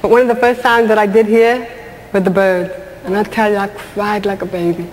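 A woman doing stand-up comedy, telling stories in a lively way and asking the audience questions. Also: medium pitch, fairly quick, in a large hall. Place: stage before a live audience. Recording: live stage with audience laughter and noise.

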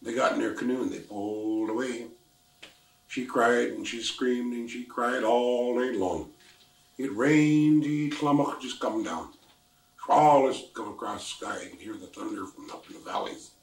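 Gravelly older man telling a folk tale. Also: mid-range voice, a little slow. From US Pacific Northwest. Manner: lively, folksy, with exclamations. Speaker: storyteller. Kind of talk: oral storytelling. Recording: roomy, mic at a distance.

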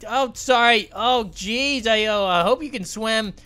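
A woman giving excitable, giggly let's play commentary, often apologizing to game characters. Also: fairly high pitch, unhurried, clear, resonant tone. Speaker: gaming channel host.

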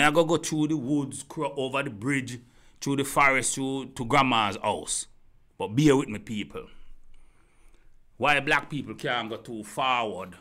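A Jamaican man in a rambling monologue, talking straight at his audience. His heated delivery circles back to the same points again and again. His voice sits at an ordinary middle pitch and comes across bright and tense. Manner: heated, repetitive, addresses listeners directly. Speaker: commentator. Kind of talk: rambling opinion rant to camera.

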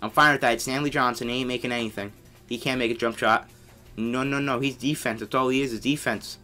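A young man talks through his basketball video game in a bright, forward voice. He rambles casually and shouts when shots drop, then grumbles when teammates mess up. Faint music plays underneath. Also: medium pitch, a little fast. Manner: excitable, yelling on big plays, grumbling at teammates. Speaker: gamer commentating his own play. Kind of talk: casual gameplay commentary.

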